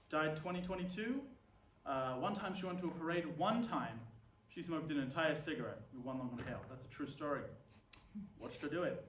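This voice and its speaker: A man doing a stand-up comedy monologue, full of sardonic, dark deadpan humor. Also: on the high side, slight background noise. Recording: roomy sound from a distant mic with faint ambience.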